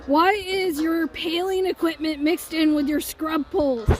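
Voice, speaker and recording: A woman voicing a short-tempered, foul-mouthed young male troll in a raspy voice, during a live game reading with music behind. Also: sits high, steady tone, unhurried. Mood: furious. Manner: shouting insults, exasperated.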